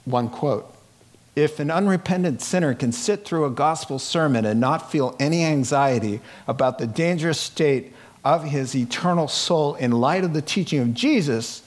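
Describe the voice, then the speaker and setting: A man preaching a sermon, swinging from hushed, quiet lines to loud, laughing outbursts. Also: fairly high pitch, normal speed. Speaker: pastor.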